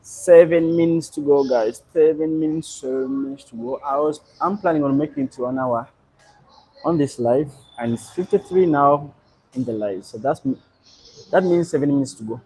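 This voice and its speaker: A young man from Uganda, hosting a live stream and chatting in a relaxed, rambling way as he answers viewers. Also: a little high, moderate pace, husky, low-quality recording. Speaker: livestream host. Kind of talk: casual live stream chat.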